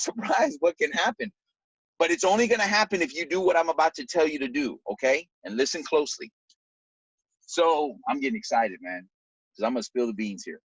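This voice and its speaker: A man's voice: fairly high pitch, breathy edge, no room sound. A man giving a motivational network-marketing pep talk, repeating his points with lots of energy. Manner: animated, repetitive, pep-talk delivery. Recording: dull lo-fi recording.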